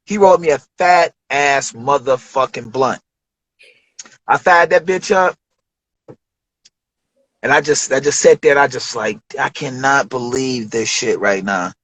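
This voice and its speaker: A medium-pitched man speaks a little slowly with long pauses, on poor audio with no room sound. He's a rapper from Detroit in a casual interview, animatedly telling studio stories, acting out quoted voices and using profane slang freely.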